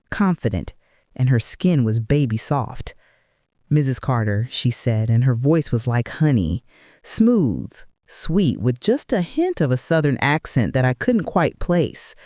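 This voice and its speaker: A woman in her sixties narrating a first-person family story in an earnest, reflective way with dramatic pauses. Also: rumbling low, very animated, dark tone, no room sound, studio quality. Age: 60s.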